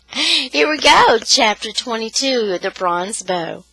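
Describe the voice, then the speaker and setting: A woman's voice: on the high side, expressive, slow, vocal fry, bright, forceful tone, slightly rough, dry recording, rough recording. A woman from Texas with a Californian accent, reading a novel aloud to online listeners and adding chatty, friendly asides that explain words. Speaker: storyteller.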